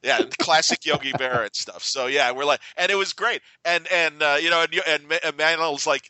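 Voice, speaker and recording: Very bright-voiced man chatting casually. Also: on the high side, normal speed, hardly any pauses, no echo, low-quality recording. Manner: rambling storyteller with many restarts and fillers. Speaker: podcast host. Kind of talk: casual chat.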